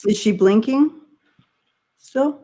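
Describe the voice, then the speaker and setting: A woman's voice: a little high, slow, mellow. Friendly woman co-hosting a livestream. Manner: friendly, explains things, reads out the chat. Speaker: livestream co-host. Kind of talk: casual livestream chat.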